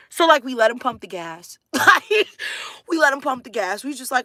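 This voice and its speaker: Woman, high-ish bright voice, casual animated storytelling, dry close sound. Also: normal speed, no room sound. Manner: chatty and animated, laughs often, says "like" and "dude" a lot. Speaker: mother sharing her family life. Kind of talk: casual chat to viewers.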